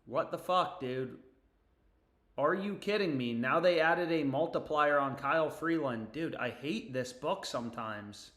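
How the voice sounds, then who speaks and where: A young man hosting a casual sports betting livestream from home, excitable and quick to swear as he talks to himself and his viewers. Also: a little high, roomy sound.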